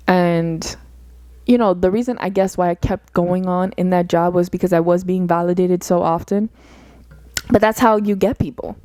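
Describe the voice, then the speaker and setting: A woman's voice: mid-range voice, warm tone, no room sound. A young woman hosting a solo podcast, talking through her thoughts in an earnest, rambling way, full of "like" and "you know". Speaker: podcast host. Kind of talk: reflective solo podcast monologue.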